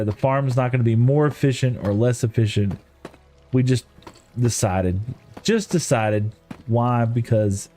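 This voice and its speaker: A man's voice: mid-range voice, dark tone. Chatty man streamer, rambling stories. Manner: rambling, chatty storytelling with chuckles. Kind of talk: casual live-stream chat while gaming.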